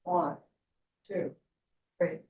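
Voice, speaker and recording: A woman voicing a calm, secretive talking snake that gives instructions in a storytelling talk. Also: extremely slow, slight background noise. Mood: instructing. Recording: echoey room, distant mic, dull sound.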